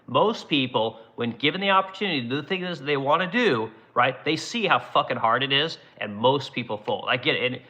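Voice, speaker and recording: An adult man who has run a business for ten years hosts his own show, reading viewer comments and answering them in a blunt, constantly profane rant. His medium-pitched voice is animated, brisk and sharp, with few pauses.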